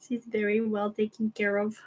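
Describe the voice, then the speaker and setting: A woman's voice: mid-range voice, completely flat delivery, moderate pace, a little mellow. A young woman hosting a knitting livestream, chatting casually and giggling, cooing baby talk at her cat.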